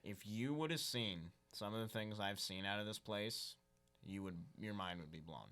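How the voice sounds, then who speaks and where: A man's voice: fairly low pitch, normal speed, sharp tone, clean tone. A young man telling casual, rambling fishing stories as a podcast guest, saying "dude" a lot. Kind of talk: casual storytelling chat.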